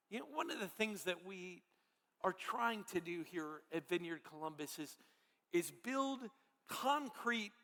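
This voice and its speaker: A man with a high, bright voice preaches a sermon. He tells it earnestly and haltingly, restarting his phrases often. The sound carries the long reverb of a big church hall. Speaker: pastor. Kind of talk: sermon storytelling.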